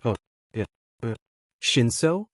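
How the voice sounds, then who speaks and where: A man reading a fan story, voicing a tired, determined teenage boy who talks softly and hesitantly. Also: mid-range voice, animated, slow, no room sound, studio quality. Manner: soft, hesitant, mumbling.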